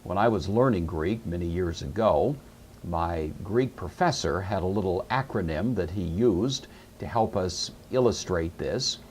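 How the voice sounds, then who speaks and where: Middle aged guy teaching a lesson, deep voice, lots of ups and downs, patient and careful. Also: expressive, darkish tone, a little hiss or hum. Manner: patient, explains step by step, repeats key words slowly. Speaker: Greek teacher. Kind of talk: recorded lecture.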